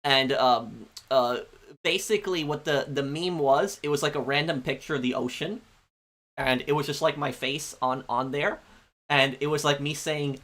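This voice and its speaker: A man live-streaming a game, chatting casually with viewers in a rambling, halting way full of ums and restarts. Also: medium pitch, fairly even intonation, a bit bright. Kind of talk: casual chat answering viewers.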